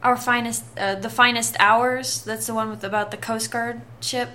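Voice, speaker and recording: Female co-host, bright and slightly high, easygoing conversational asides. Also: steady tone, moderate pace. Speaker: podcast co-host. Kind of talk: casual chat.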